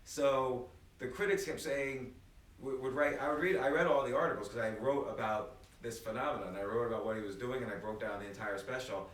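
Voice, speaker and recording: A man's voice: mid-range voice, brisk. A man talking as a guest in a casual conversation, telling stories with lots of restarts, recorded on a phone in an apartment room. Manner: animated storyteller, many restarts. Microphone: phone recording from across the room. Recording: echoey room, distant phone mic, faint ambience.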